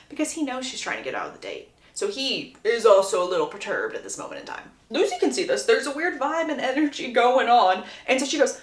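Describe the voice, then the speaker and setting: Chatty woman with an animated, high voice. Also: quick pace. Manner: chatty, animated storytelling, acting out characters. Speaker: book content creator. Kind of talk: casual book plot recap. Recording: roomy echo.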